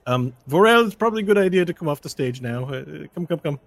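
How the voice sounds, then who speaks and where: Man playing a fussy, hurried escort. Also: fairly high pitch, expressive, pitched above the performer's own voice, natural voice. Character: nervous male escort, fussy servant. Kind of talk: tabletop role-play voicing.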